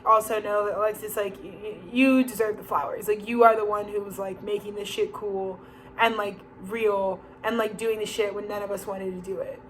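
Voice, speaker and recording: A woman's voice: mid-range voice, a little hiss or hum, poor audio. A woman giving a rambling, profane spoken tarot reading, laughing often and acting out the people she quotes. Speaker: tarot reader.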